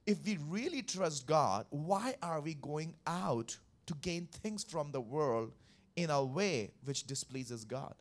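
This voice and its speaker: A man's voice: fairly high pitch, animated, takes it slowly. A man preaching a Sunday sermon as pastor, emphatic and repetitive, calling out to the congregation and working through scripture verse by verse. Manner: emphatic, repeats key phrases, calls for congregation response.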